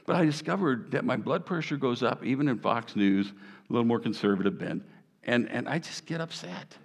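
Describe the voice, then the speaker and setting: A middle-aged man, preaching a sermon in an animated, conversational way. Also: on the low side, in a large hall. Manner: animated, conversational preaching with sound effects and jokes. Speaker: pastor.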